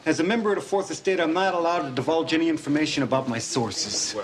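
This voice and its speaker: An actor playing a sleazy tabloid news photographer who whines defensively and indignantly. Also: male voice, on the high side, quick pace, lightly acted. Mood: defiant. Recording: TV audio with background noise.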